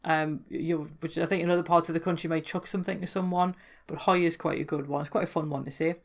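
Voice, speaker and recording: A woman's voice: low-pitched, fairly even intonation, fast. Chatty Geordie woman explaining words. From North East England. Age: adult, worked in London before. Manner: chatty, amused, self-correcting. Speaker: folklore blogger explaining dialect. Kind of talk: casual educational talk.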